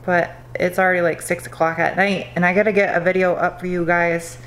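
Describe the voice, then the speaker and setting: A woman's voice: on the low side, little pitch movement, a little fast, low-quality recording. A young woman talking casually to camera while working on her car in her garage, chatty and self-mocking. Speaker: car vlogger. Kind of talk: casual vlog talk to camera. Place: home garage and driveway.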